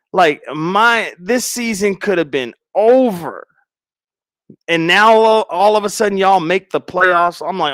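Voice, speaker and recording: A middle-aged man chats casually to his stream, drawing out a dramatic story with slangy asides and lots of laughter. His delivery is unhurried, with a slightly high voice that swings widely in pitch. The sound is close and dry. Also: sing-song, a bit bright, dry recording. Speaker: livestreaming content creator. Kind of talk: casual livestream chat.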